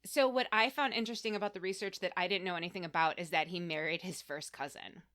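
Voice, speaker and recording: Bright, playful woman podcast co-host. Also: on the low side, steady tone, fast. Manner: playful, jokey, chatty asides. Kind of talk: casual podcast chat.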